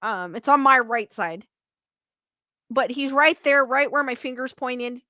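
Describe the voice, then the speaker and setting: A young woman hosts a casual livestream, chatting, giggling, and reading viewers' comments aloud along with their chat names. Her high-pitched voice is sharp in tone and a little slow. The sound is studio quality with no room sound.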